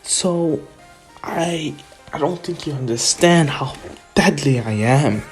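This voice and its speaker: A man voicing a cocky, calm young male hero who speaks smugly and teases his rival. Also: a little high, slow, faint music behind. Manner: smug, teasing.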